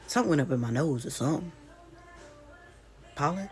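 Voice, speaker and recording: A woman's voice: sits low, fairly quick, music in the background. Chatty congested woman telling a story. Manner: chatty, animated, folksy asides to viewers. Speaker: vlogger. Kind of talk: casual storytelling vlog.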